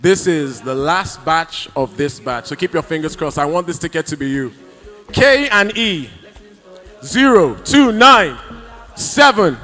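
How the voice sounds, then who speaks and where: A man's voice: on the high side, lively intonation, unhurried, sharp tone, faint music behind. A man hosting a live prize draw in a large hall, hyping the crowd as he calls out numbers. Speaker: event host.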